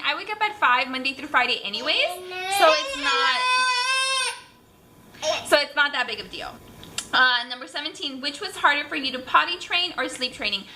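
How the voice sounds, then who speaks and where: A young woman with a high voice chats at home, reading tag questions aloud and answering them candidly and loosely. Her tone is bright and clear. A faint hiss of background noise sits under the home recording. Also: animated, normal speed. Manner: chatty and candid, with many fillers. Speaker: mom vlogger. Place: home room.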